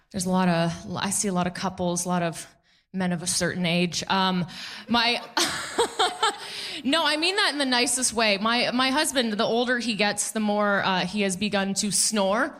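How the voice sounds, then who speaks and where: A woman in her thirties doing a stand-up comedy set on a club stage, animated and acting out quotes in put-on voices. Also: medium pitch, unhurried, long pauses.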